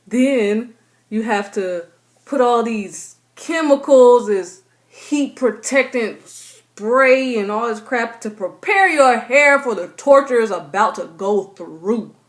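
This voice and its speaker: A young woman, chatting casually to her camera and acting out her own thoughts in playful voices. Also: medium pitch. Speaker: vlogger.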